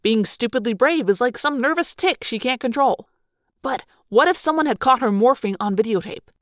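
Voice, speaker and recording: A woman's voice: on the high side, expressive, moderate pace, no room sound, studio quality, close to an everyday voice. A woman voicing a wisecracking teenage boy with a mocking, sarcastic delivery in an audiobook. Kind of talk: audiobook character reading.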